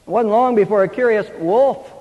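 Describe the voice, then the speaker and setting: A man's voice: high voice, normal speed. A man preaching a sermon, earnest and emphatic, telling a story and quoting scripture. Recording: dull recording, long hall reverb.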